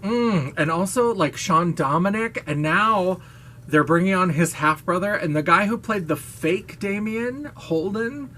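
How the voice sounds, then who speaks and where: A woman's voice: fairly low pitch, measured pace, a bit bright, slight background noise. A woman vlogger talking casually to camera, gushing, playful and frank, with the odd swear word and laugh.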